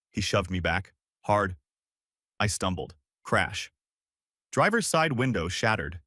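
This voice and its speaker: A man's voice: sits low, lively intonation, slow, long pauses, pushed and bright, dry recording, studio quality. A man narrating a dramatic first-person family story in short, terse lines.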